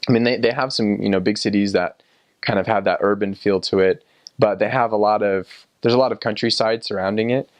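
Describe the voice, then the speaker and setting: A young man who served as a missionary, casually recalling his time abroad in a relaxed, rambling way with many fillers and restarts. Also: lowish voice, a little fast, no echo, lo-fi sound. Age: young adult. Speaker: returned missionary. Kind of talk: casual personal recollection.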